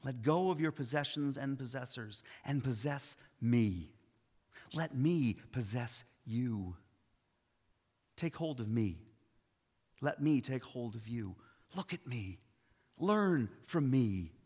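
A man voicing Jesus, speaking slowly and deliberately with tenderness and authority. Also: medium pitch, expressive, darkish tone, breathy edge. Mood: commanding. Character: Jesus, gentle but commanding man. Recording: long hall reverb.

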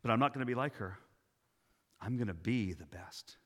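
A man's voice: lowish voice, lively intonation, normal speed. A man voicing a driven perfectionist mom. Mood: proud. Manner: insistent, self-assured, repetitive. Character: driven perfectionist mother, proud and anxious. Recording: long hall reverb.

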